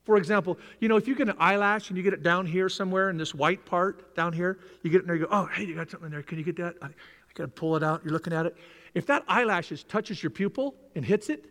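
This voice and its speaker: Brief: older male pastor, high bright lively voice, dramatic sermon delivery, heard with long reverb in a large hall. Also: fast talker. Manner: animated, dramatic, acts out voices, drops to near whispers.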